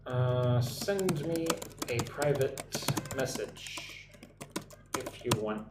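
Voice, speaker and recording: A young American man teaching English on a live stream, chatting with viewers and repeating phrases slowly for practice. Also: medium pitch, expressive. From United States. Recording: echoey room with faint noise.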